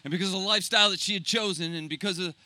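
A man preaching, retelling a scripture story dramatically, swinging between loud and hushed. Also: high-pitched, steady tone, rapid-fire. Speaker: pastor.

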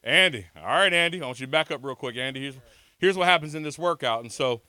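Young preacher guy, kinda high voice, goes quiet then yells, super lively storytelling. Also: quick pace, clean tone, dry recording. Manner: animated, calls on the crowd, swings from soft to shouting. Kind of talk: energetic sermon with storytelling. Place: church hall before a congregation.

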